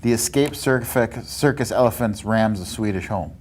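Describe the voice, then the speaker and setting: A man's voice: lowish voice, normal speed, a little mellow, breathy edge. A man co-hosting a comedy podcast, reading odd news stories in a dry, casual way.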